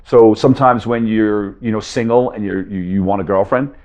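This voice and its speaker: A man telling a story to a live audience, acting out both sides of each conversation with lively energy. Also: on the low side, moderate pace. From Las Vegas, USA. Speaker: guest speaker.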